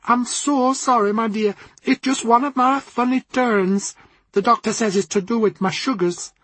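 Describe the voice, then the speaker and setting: A man's voice: extremely high pitch, normal speed, fairly bright tone, breathy edge, dry recording, pitched above the performer's own voice, exaggerated voice. A man voicing a smartly dressed Jamaican woman in her sixties who offers readings as a spiritual healer, with a lilting, solemn manner. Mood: apologetic.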